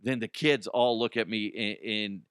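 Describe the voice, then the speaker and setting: A man's voice: on the low side, moderate pace, fairly bright tone, clean tone, no room sound, clean studio sound. Laughing, self-mocking male show host. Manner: self-deprecating, laughs often, swears freely. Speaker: host of a comedy sports news show. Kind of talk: casual comedic monologue. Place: studio.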